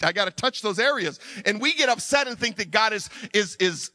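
A middle-aged man preaching through a personal story, animated, acting out his own voice, sometimes dropping low and quiet. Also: a little fast. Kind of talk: sermon told as a personal story.

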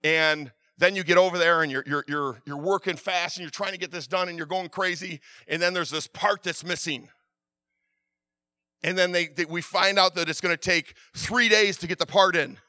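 A middle-aged man preaching a sermon, telling stories with many restarts and swinging from loud urging to quiet asides. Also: high-pitched, steady tone, normal speed, no room sound. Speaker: pastor.

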